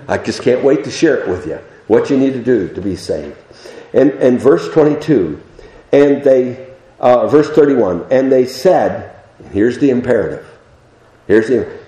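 A male American preacher delivering a sermon, dropping to low murmurs and then rising to high, shouted emphasis. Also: very animated, moderate pace, roomy sound, poor audio.

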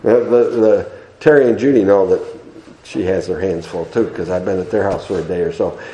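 A man's voice: low voice, moderate pace, mellow, roomy sound, dull audio. A man in his seventies preaching a sermon, folksy and conversational with frequent restarts, and rising to emphatic exhortation. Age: 70s. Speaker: pastor.

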